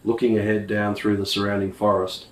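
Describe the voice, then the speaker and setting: A man narrates a story in a very deep, flat voice. He reads slowly and evenly, from a distance in an echoey room with a faint hiss behind. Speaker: audiobook narrator. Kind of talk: scripted narration.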